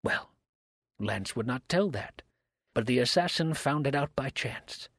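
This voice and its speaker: A man giving a measured, grave dramatic reading of an old mystery story. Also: mid-range voice, lively intonation, a bit bright, no room sound. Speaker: story reader.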